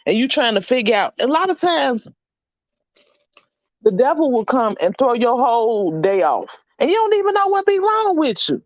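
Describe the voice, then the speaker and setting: A woman's voice: fairly high pitch, very animated, normal speed, dry recording, dull audio. A middle-aged woman hosting a casual livestream chat, upbeat and encouraging as she reads out names from the chat. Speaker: livestream host.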